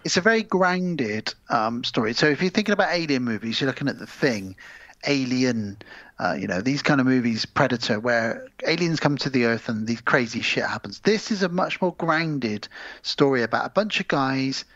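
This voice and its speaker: A man's voice: mid-range voice, animated, moderate pace, a bit bright, no room sound, dull audio. A man, rambling casually and swearing now and then as he recaps a film on a podcast. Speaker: podcast co-host.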